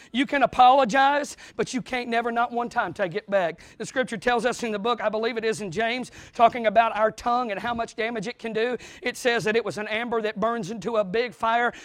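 High bright-voiced preacher. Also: male voice, no echo. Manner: preaching with sudden loud bursts and acted-out quotes. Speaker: pastor. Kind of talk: sermon. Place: church.

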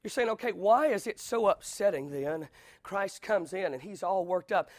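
High-voiced preaching man. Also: moderate pace, no echo, studio quality. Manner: animated preaching with storytelling and sudden shouts. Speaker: pastor. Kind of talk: sermon.

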